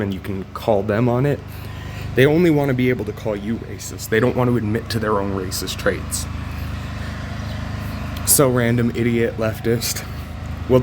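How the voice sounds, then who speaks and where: A man's voice: medium pitch, background noise. A man ranting in a political vlog, combative and mocking, loose and rambling with some swearing. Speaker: vlogger.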